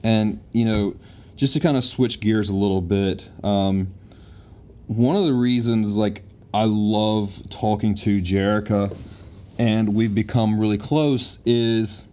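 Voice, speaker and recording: A man's voice: fairly low pitch, fairly even intonation, takes it slowly, warm tone. A man hosting a casual conversation, speaking in an earnest, reflective way.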